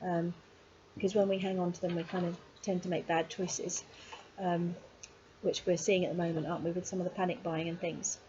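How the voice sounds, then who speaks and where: A woman's voice: on the low side, flat delivery, fairly quick, a little mellow. Chatty woman teaching a poetry lesson. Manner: chatty, encouraging, with frequent ums and digressions. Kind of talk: casual video lesson. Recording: slightly dull lo-fi sound with faint noise.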